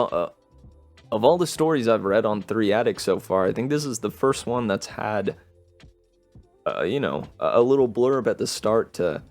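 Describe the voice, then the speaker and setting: A man with a fairly low voice reads a story aloud, steady in the text and loose and chatty between passages. Faint city ambience hums behind him. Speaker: podcast host reading stories aloud. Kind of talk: reading a short story aloud with casual asides. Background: faint futuristic city ambience.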